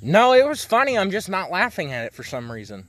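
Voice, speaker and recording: A man's voice: high voice, huge pitch swings, a little fast, fairly bright tone. An eighteen-year-old man bantering casually, crude and joking, swearing a lot. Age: 18, young adult. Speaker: vlog co-host.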